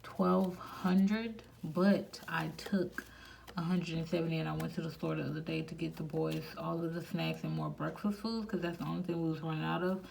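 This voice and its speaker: A woman hosting a budgeting vlog, quietly counting cash aloud and chatting casually to viewers between counts. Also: deep voice, fairly even intonation, normal speed, vocal fry. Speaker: budgeting channel host. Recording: noisy home recording.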